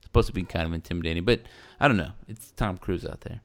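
A man, talking casually as a podcast co-host. His voice sits very low and has a gravelly texture. He rambles loosely and mocks himself along the way. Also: fast talker, fairly bright tone. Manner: rambling, loose and self-mocking, with playful put-on quotes. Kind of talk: casual chat.

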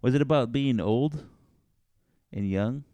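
A man's voice: medium pitch, measured pace, warm tone, dry recording. A man co-hosting a casual chat, teasing and joking with dry sarcasm.

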